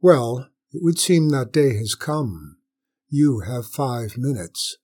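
A man's voice: mid-range voice, expressive, takes it slowly, a little mellow. A man doing a stern space fleet commander. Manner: clipped, commanding. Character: stern male human space commander, firm and authoritative.

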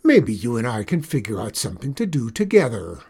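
A man reading a storybook and voicing an excitable, lonely old female witch in a raised, pleading voice. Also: medium pitch, brisk, vocal fry, breathy edge, full character voice.

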